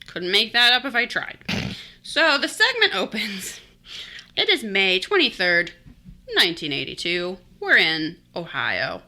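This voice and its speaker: A woman co-hosts a podcast and tells a mystery story in easy, joking chat. Her voice is very bright and sharp-edged. Her pitch jumps around with lively energy. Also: measured pace. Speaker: podcast co-host.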